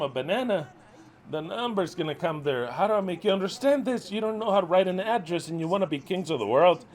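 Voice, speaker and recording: Here the middle-aged ministry head scolds his followers expressively and at a quick pace, swearing in frustration. He alternates between loud bursts and low mutters.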